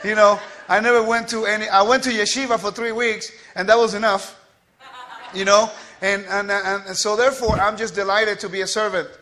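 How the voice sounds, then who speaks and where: A man giving a quick, scattered and playful teaching to a congregation, joking with the listeners as he goes. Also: high-pitched, steady tone, sharp tone. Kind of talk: lively spoken teaching.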